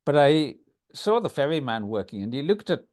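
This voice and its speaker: A man from Scotland with a Scottish accent, a podcast guest telling stories in an animated way. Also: moderate pace. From Scotland, Isle of Lewis. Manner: animated storyteller, pitch leaps when excited. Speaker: guest, writer. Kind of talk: conversational storytelling.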